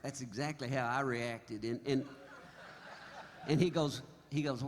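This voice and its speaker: A man's voice: mid-range voice, normal speed, slight background noise. A man, a singer-songwriter telling a folksy, self-deprecating story between songs at a live show. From Oklahoma. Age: 70s. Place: concert hall. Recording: live hall reverb, faint music.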